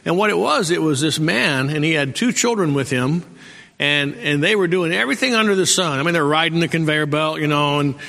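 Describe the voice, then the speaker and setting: A man's voice: a little high, a little fast, gravelly, bright, forceful tone. A middle-aged male pastor preaching a folksy sermon and calling out for amens from the congregation. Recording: long hall reverb.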